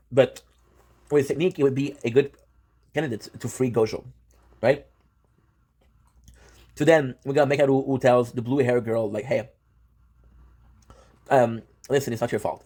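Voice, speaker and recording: A man giving casual, excitable reaction commentary on a manga, swearing often and full of fillers and restarts. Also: mid-range voice. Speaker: manga reviewer.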